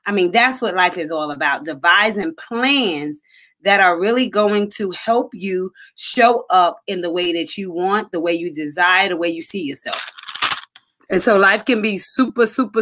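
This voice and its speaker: A woman's voice: fairly low pitch, moderate pace, a bit bright. A woman hosting a live online show, giving chatty, encouraging motivational talk straight to her viewers and calling them honey. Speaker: livestream host. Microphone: phone or webcam livestream.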